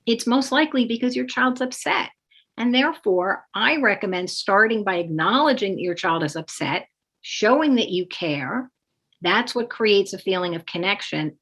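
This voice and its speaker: A woman explains parenting strategies in a calm, measured teaching voice. She walks through each step clearly and acts out example phrases a parent might say to a child. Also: on the low side. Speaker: parenting coach. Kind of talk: instructional talk with demonstrations.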